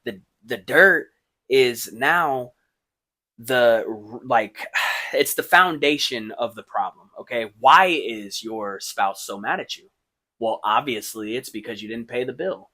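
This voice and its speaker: A man hosting a podcast, giving casual motivational advice and thinking aloud with many fillers, swinging between hushed and emphatic. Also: mid-range voice. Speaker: podcast host.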